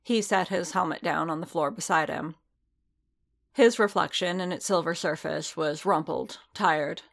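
Woman audiobook narrator, measured, low-ish and unhurried. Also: creaky. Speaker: reader. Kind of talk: fan fiction audiobook narration.

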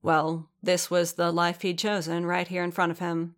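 A woman narrating an audiobook in a measured, steady reading voice. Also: on the low side.

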